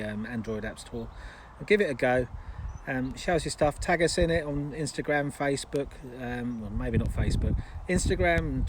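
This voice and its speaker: A man's voice: medium pitch, a little hiss or hum. A man chatting casually and jokily to camera, rambling with fillers. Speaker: vlogger. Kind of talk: casual vlog chat. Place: outdoors at a marina.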